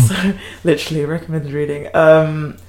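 Young woman, podcast co-host, chatty and giggly, a lower voice. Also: fairly even intonation, unhurried, darkish tone. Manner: chatty, laughs often, slangy storytelling. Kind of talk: casual chat.

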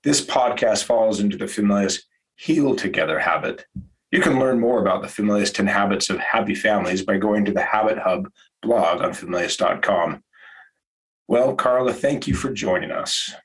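A man's voice: fairly low pitch, moderate pace, fairly bright tone, rough recording. A man hosting a podcast interview, reading a scripted intro and then asking prepared questions. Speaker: podcast host.

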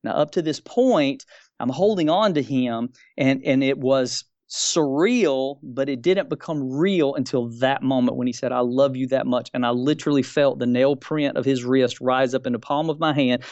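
Appearing as a debate guest, a man in his fifties earnestly describes a religious experience of his own, groping for words and circling back to key phrases. He talks at normal speed in a medium-pitched, slightly mellow voice, and the recording is dry and lo-fi.

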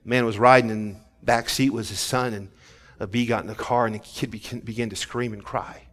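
Impassioned preacher. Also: male voice, fairly low pitch, steady tone, moderate pace. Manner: swings between hushed, intimate passages and rising, fervent preaching; repeats and restarts words as he builds intensity. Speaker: pastor. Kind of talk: sermon.

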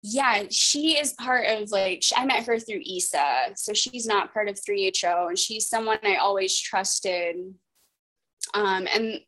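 A woman's voice: mid-range voice, a bit bright, low-quality recording. A woman candidly telling a personal story as a guest, rambling, with many fillers and restarts.

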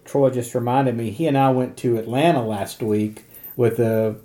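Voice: mid-range voice, steady tone, normal speed, warm tone. A podcast guest telling a story in casual chat.

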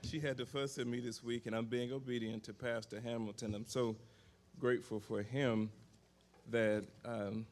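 Man, guest preacher, folksy, self-joking, medium pitch. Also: flat delivery, normal speed, darkish tone. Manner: folksy and self-joking, talks to the congregation as family. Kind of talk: warm church greeting before a sermon.

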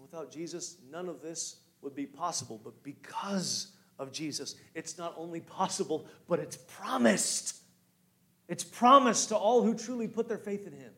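High-voiced preaching man, hushed to rousing. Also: normal speed. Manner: swings from hushed storytelling to loud, rising exhortation; guides listeners with direct questions. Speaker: pastor. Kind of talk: sermon.

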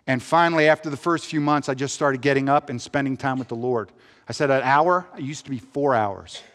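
A man giving an earnest personal testimony, swinging between upbeat energy and hushed, heavy reflection. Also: medium pitch, fairly quick. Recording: long hall reverb.

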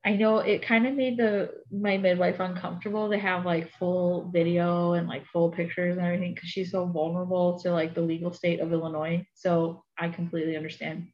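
A young adult woman telling a personal story in a casual, animated way, full of fillers like "like" and "um". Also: on the low side, a little fast, hardly any pauses. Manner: chatty, animated, many fillers. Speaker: podcast guest. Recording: dull lo-fi audio.

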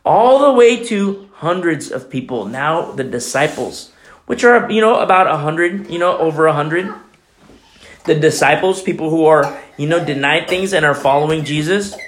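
A man preaching a sermon, animated, acting out little dialogues as he teaches. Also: fairly high pitch, slight background noise. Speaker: pastor.

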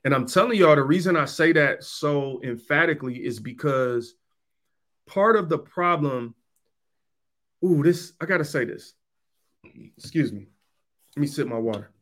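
A man's voice: fairly high pitch, expressive, normal speed, long pauses, fairly bright tone. A man hosting a podcast, talking straight to listeners in an emphatic, slangy monologue and repeating points for stress. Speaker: podcast host. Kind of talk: conversational monologue.

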